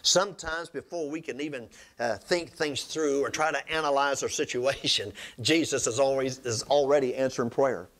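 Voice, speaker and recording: A man's voice: normal speed, hardly any pauses, fairly bright tone. A man preaching a sermon, retelling scripture stories and asking the congregation for amens. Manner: storytelling preacher, calls for amens, pitch swings up and down.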